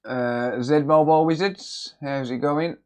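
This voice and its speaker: A man hosting a casual repair livestream, greeting viewers by name in a relaxed, jokey way from a cluttered home workshop. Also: fairly high pitch, a little slow. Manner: relaxed, jokey, reads chat names aloud.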